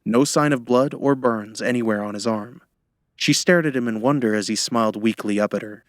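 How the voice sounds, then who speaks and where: A man narrating a fantasy audiobook in a measured storytelling manner, close to the microphone. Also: mid-range voice, no echo. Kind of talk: scripted narration.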